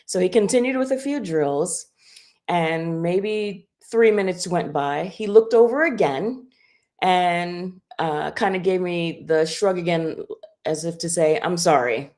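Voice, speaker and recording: A woman's voice: fairly low pitch, slow pace, darkish tone. A middle-aged woman, a homeschooling mother, telling a personal story in casual live-stream chat with many fillers. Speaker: guest.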